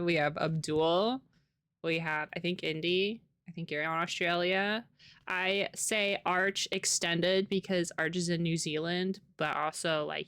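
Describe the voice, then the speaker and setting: A woman's voice: on the low side, fairly bright tone. Chatty American woman streamer. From United States. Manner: chatty, rambling, laughs often. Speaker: livestreamer. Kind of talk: casual chat with live viewers.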